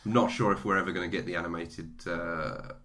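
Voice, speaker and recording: A podcast co-host with a low voice chats enthusiastically about a film, restarting his sentences often in this casual review talk. He speaks briskly with fairly even intonation and a bright, forceful tone.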